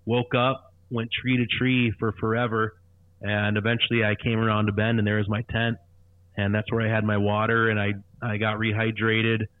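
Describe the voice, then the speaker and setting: A man's voice: lowish voice, level tone, a little hiss or hum. A man in his thirties telling his conversion story earnestly, with frequent restarts. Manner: earnest, repetitive, halting restarts. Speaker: guest sharing conversion testimony. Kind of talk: personal testimony storytelling. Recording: tinny phone-like line, dry.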